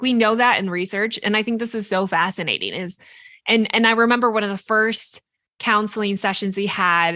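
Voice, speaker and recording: A woman's voice: medium pitch, bright, forceful tone, no room sound, studio quality. A woman co-hosting a podcast, talking earnestly in casual reflective chat, full of "like" and "right?" as she explains. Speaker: podcast co-host.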